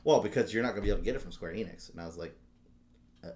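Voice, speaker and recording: A man co-hosting a podcast, telling a story as a fast, animated rant full of swearing. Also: fairly low pitch. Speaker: podcast co-host. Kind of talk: casual chat.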